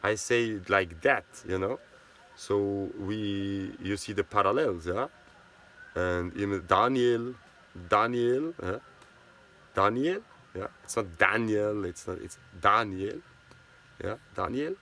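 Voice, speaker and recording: Slow-talking man with a Swiss German accent. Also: on the low side, fairly bright tone. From Switzerland. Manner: rambling, tag questions like "yeah?". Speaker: history speaker. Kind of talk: casual history talk.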